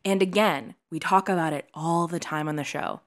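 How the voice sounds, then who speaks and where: A woman co-hosting a podcast talks through a movie in a loose, animated way, dropping "like" into nearly every thought. Her voice sits a little low, and she swears freely as she gets going. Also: normal speed. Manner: animated, swearing, many "like" fillers. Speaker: podcast co-host. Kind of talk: casual chat reviewing a movie.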